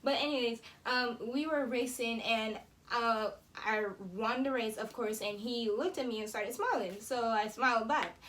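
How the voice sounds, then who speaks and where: Her voice is a little high and a bit bright, moving at a normal speed. The eighteen-year-old Jamaican vlogger chats casually to camera while telling a story, peppering it with many "um"s and "like"s.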